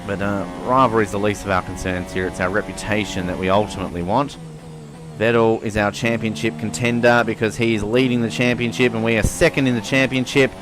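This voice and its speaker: A man's voice: lowish voice, brisk, over music. Chatty man commentating a racing game. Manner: chatty, swears casually, excitable at race starts. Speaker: gaming channel host. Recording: game engine noise behind voice.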